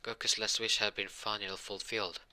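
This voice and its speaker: A childlike male god king who speaks slow and measured, in a bright, forceful tone, put on by a young man. He sounds fairly low for a man, in a homemade story. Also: little pitch movement. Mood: calm.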